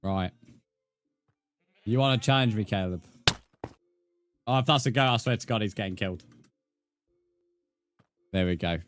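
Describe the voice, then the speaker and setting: A man's voice: on the low side, normal speed, long pauses, faint music behind. A man livestreaming a game, chatting casually with viewers, bantering and swearing at the chat in mock threats.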